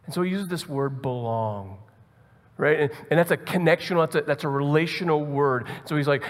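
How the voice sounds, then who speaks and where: A pastor with a slightly high voice delivers a conversational sermon at a little quick pace, often repeating words as he thinks out loud. He's in a church hall, and the recording carries a long hall reverb.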